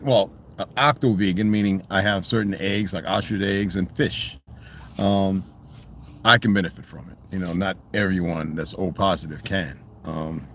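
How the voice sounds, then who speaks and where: Rambling man with a faint background hum. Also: on the low side. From United States. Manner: loose, meandering, swears freely, many restarts. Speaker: channel host. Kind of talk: casual rambling monologue.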